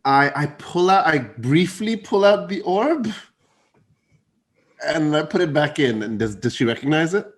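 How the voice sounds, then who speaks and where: A player in a tabletop game, talking excitably with many stammers and restarts. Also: mid-range voice, measured pace. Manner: excitable, stammering, laughs loudly.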